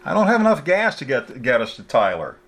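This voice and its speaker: A man's voice: medium pitch, huge pitch swings, fairly quick, fairly bright tone, pitched above the performer's own voice, heavily acted. A man reading a story, voicing a guarded, dry-humored young man driving a stranger. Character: young man, wary reluctant driver.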